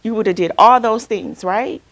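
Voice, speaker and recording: A woman's voice: medium pitch, measured pace, vocal fry, a bit bright. A woman from Alabama, a counselor leading a group workshop in a casual way and checking in with "right?" again and again. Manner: conversational, keeps asking "right?". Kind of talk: workshop talk with group sharing.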